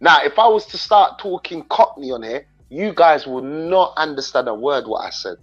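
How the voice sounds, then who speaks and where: A man's voice: a little high, expressive, moderate pace, lo-fi sound, soft background music. London man chatting on a livestream. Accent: London English mixed with Jamaican patois. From England. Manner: rambling, talks straight to viewers. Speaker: livestream host. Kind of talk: casual livestream chat.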